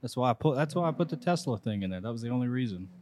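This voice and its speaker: A man chatting on a casual podcast, mostly giving short, quick replies. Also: medium pitch, expressive, a little mellow.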